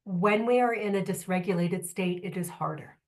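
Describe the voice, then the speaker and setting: A woman trainer giving a lively, candid workshop talk to a live audience, with joking asides and questions to the room. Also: mid-range voice, normal speed. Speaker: trainer presenting at a symposium.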